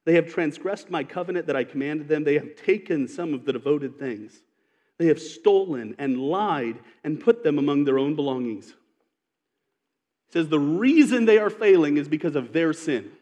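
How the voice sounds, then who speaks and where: A man's voice: fairly high pitch, animated, moderate pace, darkish tone, long reverb tail, dull audio. A man preaching a sermon in an earnest, emphatic way, reading scripture aloud and explaining it. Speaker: pastor.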